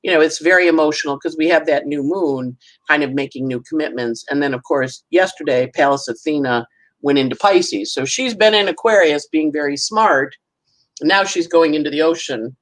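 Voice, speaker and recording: A woman's voice: low voice, moderate pace, poor audio. A woman astrologer, a guest, chatting casually through a weekly forecast and acting out little voices and sounds as she goes.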